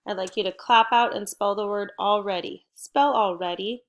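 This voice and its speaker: With a mid-range voice, a middle-aged woman delivers a recorded lesson from home to first graders. She speaks slowly and clearly, staying upbeat and encouraging throughout.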